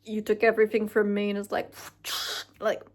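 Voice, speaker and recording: A woman's voice: medium pitch, monotone, fairly quick, darkish tone. Gushing young woman vlogger. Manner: gushing, emotional, swears freely. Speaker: vlogger ranking films. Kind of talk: casual chat to camera.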